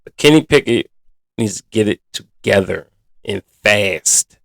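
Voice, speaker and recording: A man's voice: fairly low pitch, animated, unhurried, creaky, fairly bright tone, no echo. A man hosting a sports podcast in a casual, blunt and exasperated manner, full of colloquial slang. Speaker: podcast host.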